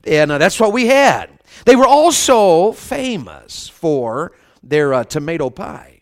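A man preaches a revival sermon in a folksy, conversational way, telling funny stories and calling on the congregation for amens. His voice is on the high side, slow, with big pitch swings.

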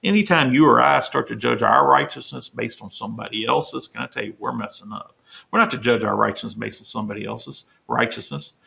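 A man's voice: mid-range voice, fairly quick, creaky, bright, forceful tone. A man, a pastor, teaching a Bible study sermon in an earnest, emphatic way, restating his points to the listeners.

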